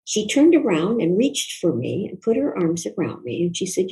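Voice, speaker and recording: An older woman, a guest author, recalling a personal story in an interview in a reflective, soft-spoken, earnest way. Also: on the low side, sing-song, moderate pace, hardly any pauses, poor audio.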